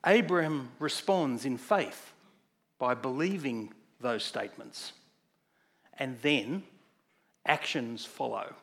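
A man's voice: medium pitch, expressive, takes it slowly, pauses often, a bit bright. Conversational man preaching a sermon. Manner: conversational, asks the congregation questions.

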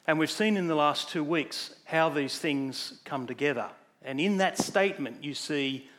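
A man's voice: medium pitch, a bit bright. A man preaching a sermon in a conversational way, putting questions to the congregation.

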